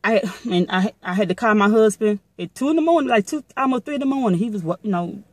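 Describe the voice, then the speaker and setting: Middle-aged woman, blunt and foul-mouthed, animated storyteller, dry close sound. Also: mid-range voice, quick pace, no echo. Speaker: vlogger. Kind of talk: casual storytelling to viewers.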